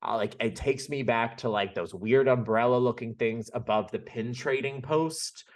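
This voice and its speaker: A man's voice: mid-range voice, normal speed. A man co-hosting a podcast in casual chat, playful and teasing. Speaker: podcast co-host.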